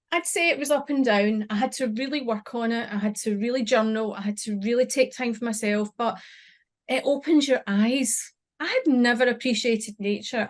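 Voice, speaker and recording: A middle-aged woman, a podcast guest, recounting a personal experience in an emotional, halting way with many restarts. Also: a little high. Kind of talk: personal storytelling.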